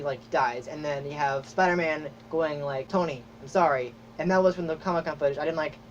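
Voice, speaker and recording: A man hosting a podcast, chatting casually and excitedly, rambling with lots of fillers and acted-out reactions. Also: high-pitched. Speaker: podcast host. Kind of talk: casual chat. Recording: dull lo-fi audio with faint noise.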